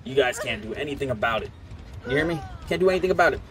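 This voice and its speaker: Animated and racing in a mid-range voice, a gaming streamer offers casual commentary, taunting and joking at other players. Game music plays under him, and a crowd can be heard in the background.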